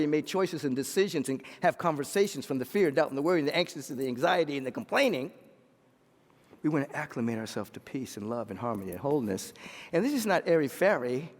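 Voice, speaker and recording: A man preaching a sermon as a pastor, telling stories in an animated way and swinging between loud and hushed delivery. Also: on the high side, fairly quick, in a large hall.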